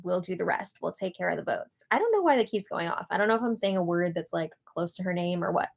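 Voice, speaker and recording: A woman hosting a live recap, talking casually with sarcastic asides and frequent laughter, swinging between loud outbursts and hushed remarks. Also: on the low side, animated, fast, creaky. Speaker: host.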